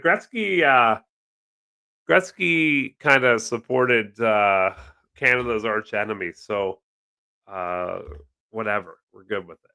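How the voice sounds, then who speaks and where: A man's voice: lowish voice, slow pace, vocal fry, pushed and bright. A man hosting a casual live stream from his desk at home, rambling and joking as he reads and answers the chat. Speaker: livestream host. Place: home desk with several monitors.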